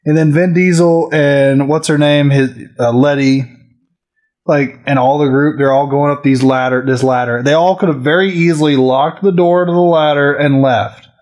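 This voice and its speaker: A man's voice: medium pitch, darkish tone. A man in casual chat who swears a lot and acts out scenes while retelling a movie plot.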